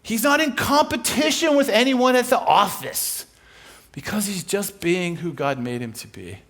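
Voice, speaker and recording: A man preaching a sermon as a guest speaker, telling a story in a conversational, humorous way and acting out characters in quick asides. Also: high voice, lively intonation, a bit bright.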